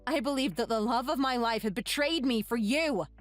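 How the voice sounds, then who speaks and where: A woman's voice: fairly high pitch, moderate pace, music in the background, lightly acted. A woman voicing a wronged young bride-to-be who speaks firmly and scornfully to her old tormentor. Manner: firm, scornful.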